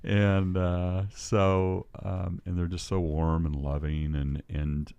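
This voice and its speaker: A man's voice: sits low, little pitch movement, takes it slowly, vocal fry, warm tone, clean tone, dry recording, dull audio. An older man telling a story as a podcast guest, rambling and restarting his sentences. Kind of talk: storytelling in casual conversation.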